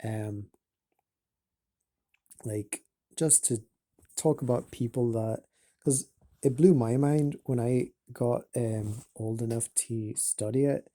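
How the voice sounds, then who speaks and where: A vlogger chats casually at home in a put-on Scottish accent, rambling and halting through lots of fillers, restarts and casual swearing. His voice is mid-range and warm, with no echo.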